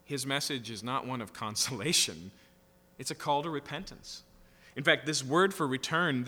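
In a large hall, a man with a sharp-toned, mid-range voice preaches, reading scripture aloud and unpacking it conversationally. His Bible teaching is peppered with frequent "right?" asides.

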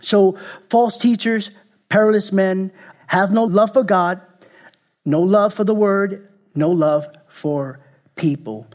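A high-pitched man delivering a sermon from the pulpit. He talks emphatically, doubling back on his words and poking fun at himself. At moments he sinks to a hushed, intense tone. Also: slow, pauses often. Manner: repeats and restarts phrases, emphatic, jokes at himself. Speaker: pastor.

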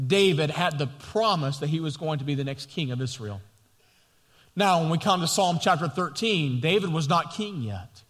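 A man preaching a sermon as a pastor, passionate and building to loud, emphatic peaks. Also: fairly high pitch, expressive, normal speed, in a large hall. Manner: impassioned preaching, rising loud at key points.

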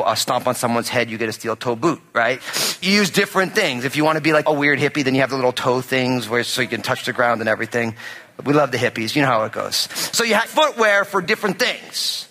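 A man preaching a sermon as pastor, animated and jokey, acting out quotes from everyday life. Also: on the high side, quick pace. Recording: reverberant hall.

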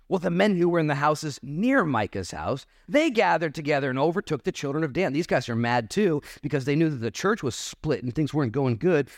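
A man's voice: on the high side, no room sound, studio quality. Casual, joking male preacher. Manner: casual, joking preacher who reads scripture then riffs. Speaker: pastor. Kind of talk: sermon. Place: church.

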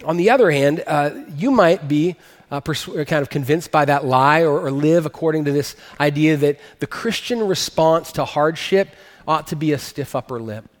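A man's voice: on the high side, moderate pace, long reverb tail. A man preaching a sermon as a pastor, earnest and emphatic, rising to stress his points.

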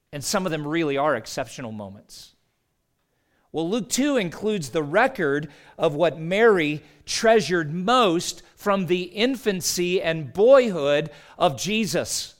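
A man preaching a sermon as pastor in a church, earnest and measured, slowing down for emphasis. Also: fairly high pitch. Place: church sanctuary.

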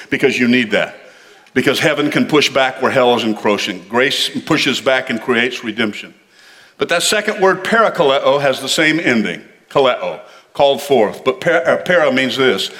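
A man preaching a sermon to his congregation in church, animated and calling on them to respond. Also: mid-range voice, long reverb tail. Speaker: pastor.

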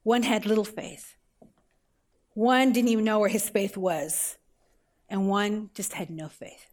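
A woman's voice: mid-range voice, steady tone, measured pace, a little mellow. A middle-aged woman preaching a sermon as a pastor, telling the story with everyday examples and rhetorical questions.

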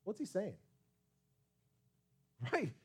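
Male pastor, fairly high voice, very lively pitch, preaching a sermon, swinging loud and soft. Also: extremely slow, slightly rough. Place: church sanctuary.

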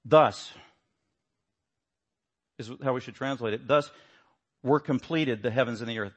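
A man's voice: moderate pace, long pauses. Emphatic male Bible teacher. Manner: emphatic, swings between low asides and raised stresses.

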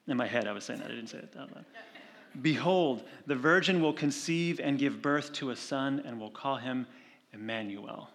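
A male pastor giving a sermon, talking conversationally and slowing down to read scripture. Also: medium pitch. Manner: conversational preaching with animated retold stories; slows and softens for scripture reading.

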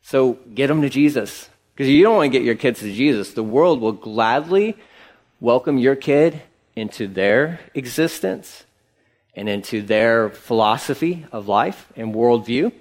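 A middle-aged man preaching a sermon in a conversational, emphatic way, with sudden rises in pitch. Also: lively intonation, measured pace. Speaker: pastor.

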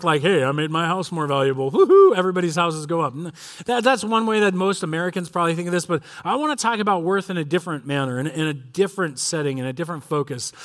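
Earnest high-voiced male pastor preaching. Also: a bit bright. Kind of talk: sermon.

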